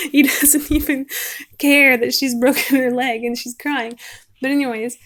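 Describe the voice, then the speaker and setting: A woman casually rambling about a book she likes while she paints, chatty and quick to laugh. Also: on the high side, fairly even intonation, a bit bright. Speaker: book vlogger.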